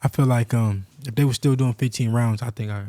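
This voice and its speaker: A man in his twenties, a boxing guest, speaking in relaxed conversation. His pitch sits in an ordinary middle range. He speaks softly and restarts his sentences often. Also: a little fast. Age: 20s. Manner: soft-spoken, hesitant, with many restarts. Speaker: guest, boxer. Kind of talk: casual interview chat.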